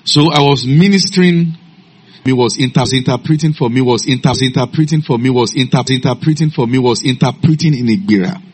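A man preaching a sermon, telling stories in a low calm voice and breaking into loud shouted commands. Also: fairly quick, slightly rough.

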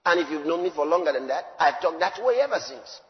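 Male preacher, high voice, emphatic sermon delivery, muffled recording with long hall reverb. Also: expressive, quick pace. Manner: emphatic, swinging from loud declarations to low asides.

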